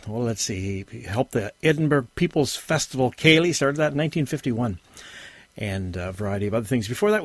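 A man presenting a folk music radio show in a rambling, relaxed way, with many fillers and self-corrections. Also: medium pitch, no room sound. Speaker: radio host.

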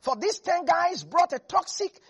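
A preacher gives an animated sermon, laughing often and acting out the quotes in the scripture. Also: extremely high pitch, measured pace.

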